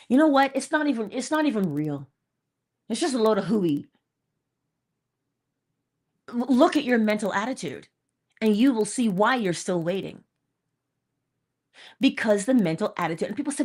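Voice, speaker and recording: A woman's voice: a little high, sing-song, normal speed, long pauses, a little mellow, breathy edge. A woman hosting an inspirational morning talk, casual and emphatic, repeating key phrases and laughing between points. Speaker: host.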